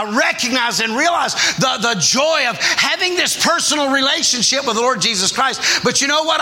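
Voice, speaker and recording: A male preacher with a high, strikingly bright and piercing voice. He drifts between hushed, reflective storytelling and surging, shouted passages of conviction, with frequent restarts and filler sounds as he builds each point. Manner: swings between soft low musing and shouted, rising fervor. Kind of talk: sermon.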